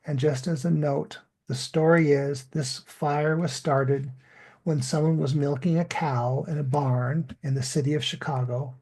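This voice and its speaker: A man teaching an online English lesson, modeling words slowly and deliberately for learners. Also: a little high, fairly even intonation, a little mellow. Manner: slow, deliberate, drawn-out model pronunciation.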